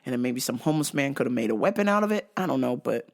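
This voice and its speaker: A woman's voice: very deep voice, racing, gravelly, very noisy. A young adult woman telling a comic story as a vlogger, swearing freely and breaking into shrieking laughter. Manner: profane, animated, bursts into shrieking laughter. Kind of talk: comedic storytelling rant.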